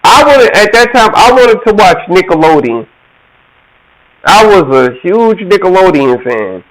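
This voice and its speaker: Man in his forties, high lively voice, slow storytelling, laughs a lot. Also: poor audio. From Georgia, USA. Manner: animated, laughs often, acts out quoted voices. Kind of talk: casual storytelling monologue.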